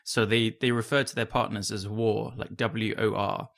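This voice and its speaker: A man from London with a London accent, co-hosting a casual podcast chat, chatty and quick to tease and laugh. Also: fairly low pitch, level tone, gravelly, fairly bright tone. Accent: London English. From London, England. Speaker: podcast co-host.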